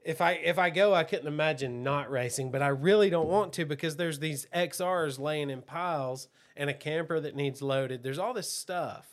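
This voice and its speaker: A man's voice: fairly high pitch, moderate pace, hardly any pauses. A man co-hosting a casual motocross chat, telling stories with frequent laughs. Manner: joking storyteller, laughs often. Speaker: podcast co-host.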